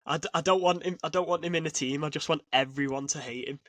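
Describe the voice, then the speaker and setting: Excitable rambling man on a podcast mic. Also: a little high, fast, no room sound. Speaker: podcast co-host. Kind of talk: casual chat.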